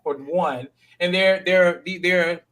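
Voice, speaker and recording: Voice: mid-range voice, slow pace, fairly bright tone. A host of a live call-in panel show, chatting loosely with callers and laughing easily.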